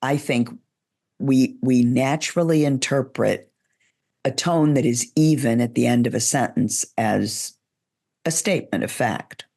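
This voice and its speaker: A woman who coaches public speaking, giving measured, deliberate advice in an interview and demonstrating pitch shifts as she talks. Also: gravelly, dark tone.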